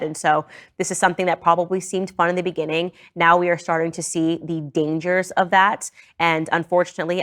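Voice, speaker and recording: A woman with a fairly low voice speaks in an earnest, urgent podcast commentary. She sounds steady and pressing as she warns her listeners. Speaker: podcast host. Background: played in a reaction video.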